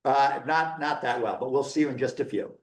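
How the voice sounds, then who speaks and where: A man runs a public meeting with casual, joking friendliness, moving the agenda along in an informal way. His voice sits at an ordinary middle pitch. The sound carries the reverberant echo of a meeting room. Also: fairly quick. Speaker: meeting chair. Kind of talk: chairing a hybrid public meeting.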